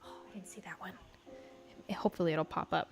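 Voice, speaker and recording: A young woman hosting a casual livestream, telling stories in an animated, chatty way full of fillers and swearing. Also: on the low side, quick pace, vocal fry, in a whisper, faint music behind. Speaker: livestream host.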